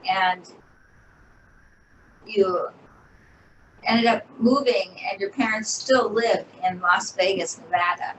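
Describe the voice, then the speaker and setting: A woman's voice: mid-range voice, slow pace, long pauses, fairly bright tone. Hesitant woman host in an echoey room. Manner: hesitant, many fillers. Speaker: interview host. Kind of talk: casual interview. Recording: roomy, distant mic, faint noise.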